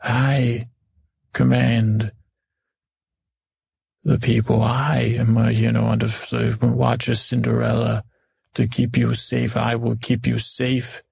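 A man's voice: mid-range voice, monotone, slow pace, vocal fry, long pauses, a little mellow, breathy edge, exaggerated voice. A man voicing a proud, hot-tempered woman who is a queen, speaking in commanding, regal declarations in a tabletop game.

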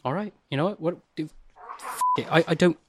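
A man chatting as a player in a tabletop role-play game, with halting restarts and incredulous questions. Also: a little high, no room sound, studio quality. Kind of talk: casual role-play chat.

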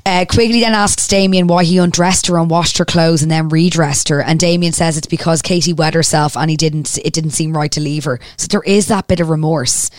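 A woman's voice: low-pitched, fairly even intonation, brisk, few pauses, dry recording, studio quality. A woman hosting a podcast, recapping a TV episode in casual chat and acting out the characters' lines, swearing freely.

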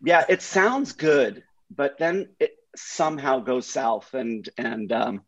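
Animated storytelling man, lo-fi audio. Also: medium pitch, slow pace. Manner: animated storyteller who acts out friends' lines. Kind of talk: casual chat, telling anecdotes. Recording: slightly dull, lo-fi audio.

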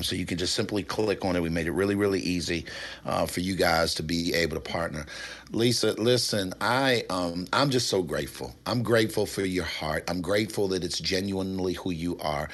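A man hosting an interview, speaking with effusive, heartfelt praise for his guest. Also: sits low. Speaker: host. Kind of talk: conversational interview.

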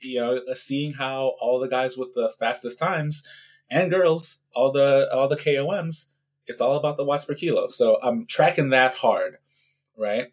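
A man who is a guest on a podcast, talking casually about his amateur cycling in a relaxed, chatty way, often checking in with "right?". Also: medium pitch, unhurried. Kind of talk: casual interview talk.

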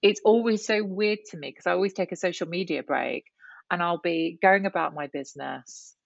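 A woman's voice: on the low side, normal speed, creaky, dry recording, dull audio. A woman guest talking candidly in an interview, reflective and full of restarts and "you know"s. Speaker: guest, writer and columnist.

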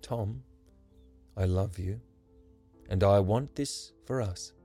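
A man voicing a young woman who is blunt and caring, speaking in a brisk, firm, scolding way in a rhyming story. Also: fairly low pitch, mellow, slightly rough, soft background music, exaggerated voice.

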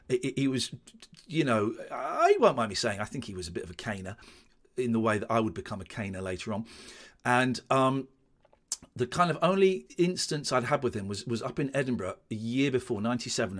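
A man giving rambling, self-deprecating commentary over an old comedy show, with many restarts. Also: mid-range voice.

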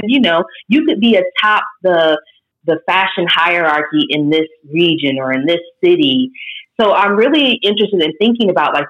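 A woman with a slightly low voice unpacks her ideas at length in academic phrasing. Her podcast audio has a somewhat dull, lo-fi edge. She sounds measured and reflective. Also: fairly bright tone. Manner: thoughtful, expansive, academic phrasing. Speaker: podcast guest, commentator. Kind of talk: analytical podcast discussion.

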